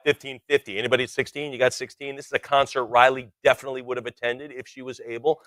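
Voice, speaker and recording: A man's voice: medium pitch, little pitch movement, a bit bright, no room sound. Man calling bids at a live auction. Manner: rapid bid chanting with joking asides.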